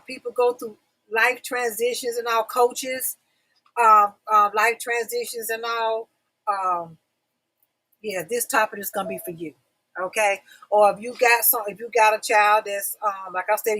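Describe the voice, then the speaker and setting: A woman's voice: fairly high pitch, moderate pace, bright, forceful tone, low-quality recording. A middle-aged woman hosting a casual livestream talk show, chatty and repetitive, talking straight to her viewers. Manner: chatty, repeats phrases, calls audience y'all.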